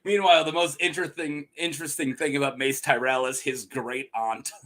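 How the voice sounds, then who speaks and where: A man's voice: mid-range voice, fairly even intonation, brisk, fairly bright tone. A young man hosting a casual podcast chat, rambling and laughing often as he mimics voices. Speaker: podcast host.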